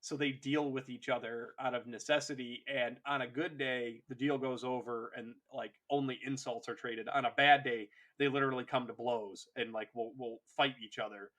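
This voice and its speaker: A man's voice: medium pitch, fairly even intonation, moderate pace, few pauses, a bit bright. A man co-hosting a casual podcast, rambling through his points and laughing often. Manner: rambling, many fillers and restarts, laughs often. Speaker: podcast co-host. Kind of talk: casual chat.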